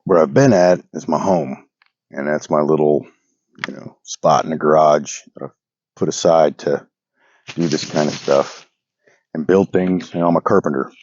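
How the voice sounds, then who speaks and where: A man's voice: rumbling low, steady tone, normal speed, a little mellow, no room sound, highs cut off. A man with a cold, talking casually and rambling to a phone camera outdoors at night, full of fillers and restarts. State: has a cold, slightly hoarse. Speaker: vlogger reading the Bible. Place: outdoors at night on rural land. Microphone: phone propped on a log.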